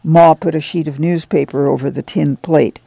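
Male audiobook narrator, steady storyteller, slightly higher voice, close and dry. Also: normal speed, gravelly, slightly rough, no room sound. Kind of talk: scripted literary narration.

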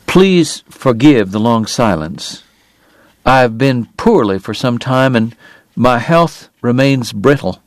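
A man voicing a frail, gentle gentleman who is dying, speaking softly and wearily in an audiobook. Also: medium pitch, expressive, takes it slowly, no room sound. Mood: plain. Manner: soft, weary, tender. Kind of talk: audiobook character voice.

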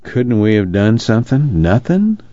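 A man reading an audiobook, voicing a tired, guilt-stricken farmer father who pleads in halting words, in a dull lo-fi radio recording. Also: fairly low pitch, sing-song, dark tone, no room sound, voice pushed up. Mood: pleading.

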